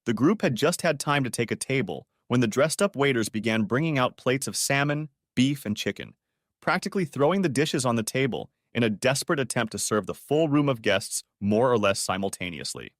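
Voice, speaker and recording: Man, audiobook narrator, steady delivery, mid pitch, dry close recording. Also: fairly quick, no room sound.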